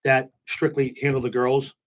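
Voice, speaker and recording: Animated storyteller man. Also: mid-range voice, normal speed. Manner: animated storyteller, acts out quotes, repeats "you know what I'm saying". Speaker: nightclub owner guest. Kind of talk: casual storytelling interview.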